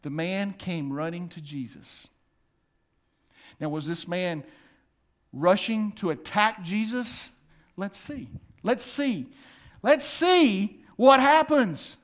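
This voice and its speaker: A man preaching a sermon, dropping to a hush and then rising loud and emphatic, acting out voices as he reads scripture. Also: high-pitched, animated, takes it slowly, long pauses. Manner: swings from hushed to loud and emphatic; acts out voices while reading scripture.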